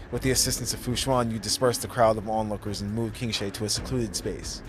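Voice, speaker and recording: A man's voice: fairly low pitch, steady tone, fairly quick, hardly any pauses, faint music behind. A man streaming a video game, casually reading its dialogue aloud and doing voices. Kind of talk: casual let's-play commentary.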